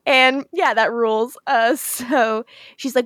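A woman's voice: a little high, steady tone, takes it slowly, fairly bright tone, no room sound, studio quality. A woman co-hosting a podcast, recapping an episode in casual chat, laughing often and acting out quotes playfully. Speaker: podcast co-host.

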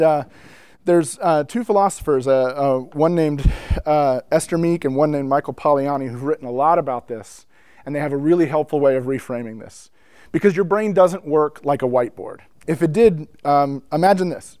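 Man telling a story to church musicians, slightly high voice. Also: no room sound, studio quality. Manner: storytelling, frequent asides, builds up excitement. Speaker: speaker addressing church musicians. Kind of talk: conversational teaching talk. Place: indoor room with a whiteboard.

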